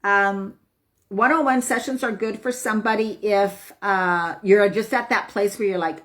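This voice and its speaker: A woman's voice: mid-range voice, fairly even intonation, measured pace, fairly bright tone. A woman health coach talking casually to viewers on a live stream, emphatic and upbeat, often asking "right?".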